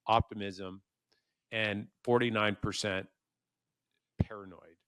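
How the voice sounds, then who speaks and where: Speaking slowly in a steady, low-leaning voice that is fairly bright, clear and resonant, a podcast host carries a conversational interview. He's casual and animated, laughing as he acts out quoted thoughts, and the studio-quality recording has no room sound.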